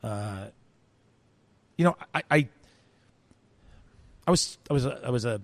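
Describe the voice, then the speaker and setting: A man's voice: medium pitch, lively intonation, a little slow, dry recording. A man telling a story in an interview, acting out quoted voices, with frequent restarts. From United States. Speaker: interview guest.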